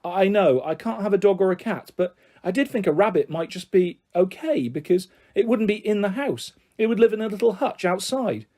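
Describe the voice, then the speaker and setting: A man voicing a timid young girl who speaks softly and hesitantly. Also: sits high, animated, moderate pace, few pauses, pitched above the performer's own voice. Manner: soft, hesitant, pleading.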